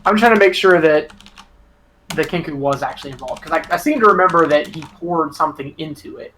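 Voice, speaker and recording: Bright-voiced man, quick casual player talk. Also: a little high, slight background noise. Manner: quick, checking details, hesitant when in character. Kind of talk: casual game talk and in-character speech.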